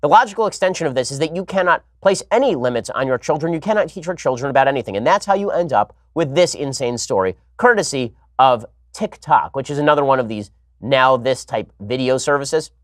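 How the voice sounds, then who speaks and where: A man hosting a political talk show, delivering a rapid opinionated monologue full of sarcastic, mocking asides. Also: medium pitch, expressive, no room sound, clean studio sound.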